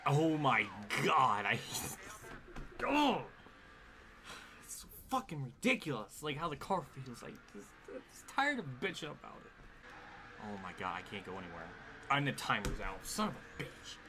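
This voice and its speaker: A man's voice: medium pitch, wildly swooping pitch, measured pace, over music. A man streaming a racing game live, commenting in an exasperated way, swearing often and laughing at himself. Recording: clear background noise.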